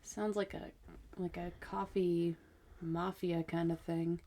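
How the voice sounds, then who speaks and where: Curious co-host woman, low gravelly voice, casual chat. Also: little pitch movement, slow, mellow. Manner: curious, giggly, apologetic. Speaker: podcast co-host listener.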